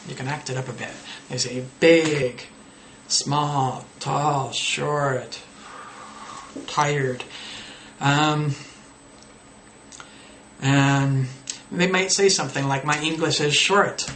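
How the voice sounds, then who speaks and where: Guy teaching english tips to camera, bit of fry in the voice, acts out mistakes, roomy sound. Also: fairly even intonation, drawn-out words, pauses often, fairly bright tone. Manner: explains casually, acts out student errors with pitch jumps. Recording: roomy echo with faint noise.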